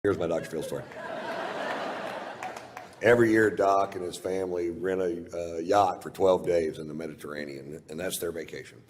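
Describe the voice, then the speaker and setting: A male stand-up comedian spins a rambling, profanity-laced story in a low, deep voice. He chuckles at his own lines along the way. The sound rings with a long reverb tail in a live venue, with a faint background hiss. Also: fairly even intonation, normal speed.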